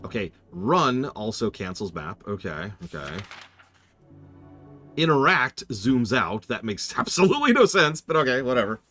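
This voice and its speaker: A man's voice: medium pitch, big pitch swings, normal speed, sharp tone, faint music behind. A man casually commenting on a horror game during a live stream, rambling, interrupting himself and answering his chat.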